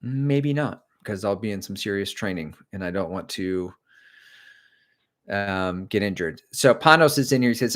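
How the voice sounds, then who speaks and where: A man's voice: fairly low pitch, expressive, moderate pace, a bit bright. Chatty middle-aged man on a livestream. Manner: chatty, rambling, answers viewer comments. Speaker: livestream host and running coach. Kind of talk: casual livestream chat. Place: home.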